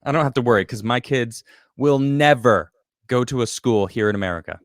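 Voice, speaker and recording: A man hosting a casual political talk show, reading viewer comments and joking in an animated, emphatic way. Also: mid-range voice, brisk, no echo, studio quality. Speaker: podcast host reading super chats.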